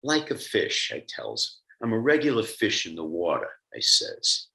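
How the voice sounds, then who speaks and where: A man's voice: on the low side, huge pitch swings, normal speed, gravelly, sharp tone, pitched above the performer's own voice, full character voice, poor audio. A man reading aloud as a brash middle-aged man from Brooklyn, in a put-on Brooklyn accent, telling his story in street slang. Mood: breezy. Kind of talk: dramatic reading of a short story.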